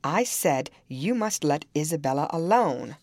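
A woman's voice: low-pitched, expressive, measured pace, dry recording, full character voice. Woman voicing an imperious jealous young lady. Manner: sharp, commanding.

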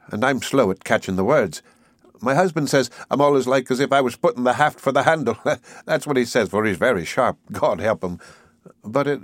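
Man reading a homely village housewife: chatty, earnest, motherly, pitched a touch above his own, very dry close sound. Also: no room sound, lightly acted. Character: kindly talkative village housewife, middle-aged. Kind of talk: audiobook character voice.

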